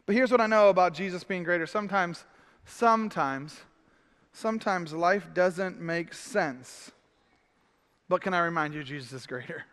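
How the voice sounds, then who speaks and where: A man's voice: sits high, normal speed, fairly bright tone. A man preaching a sermon as pastor, emphatic, repeating phrases and crying out in frustration. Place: church hall. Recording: long hall reverb.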